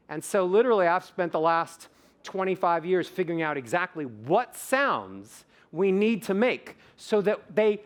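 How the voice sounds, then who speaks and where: Animated, theatrical male keynote speaker. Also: high voice. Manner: theatrical, demonstrates voices, asks audience questions. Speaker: voice coach giving a keynote talk.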